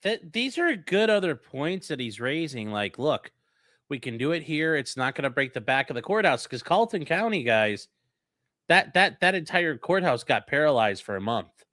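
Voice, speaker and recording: A man's voice: on the high side, sing-song, moderate pace, sharp tone, no room sound, clean studio sound. A man hosting a casual, profane commentary on a hearing, mocking the lawyers and mimicking them. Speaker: host commenting on a livestreamed hearing.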